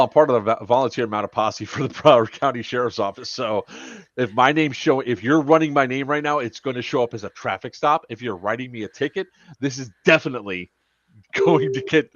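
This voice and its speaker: A man's voice: medium pitch, a little fast, a bit bright, no room sound, lo-fi sound. A man hosting a podcast, telling a story in casual chat, profane and laughing as he goes. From Florida. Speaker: podcast host.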